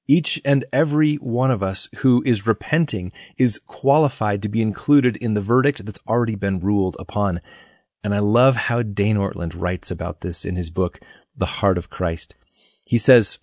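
A man teaching on a Bible passage as host, in an earnest, measured scripted delivery. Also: mid-range voice, a little mellow, no room sound.

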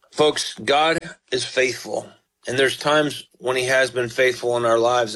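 A middle-aged man preaching on a radio broadcast, with a mid-pitched voice. He talks earnestly and pastorally, straight to his listeners. He reads scripture slowly and prays fervently. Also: a bit bright, rough recording. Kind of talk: broadcast sermon with scripture reading and prayer.

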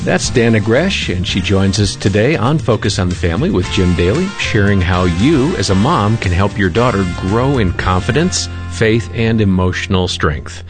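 Male co-host with a low voice and smooth, measured delivery, introducing a guest over faint music. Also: lively intonation. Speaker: radio co-host. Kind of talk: show introduction.

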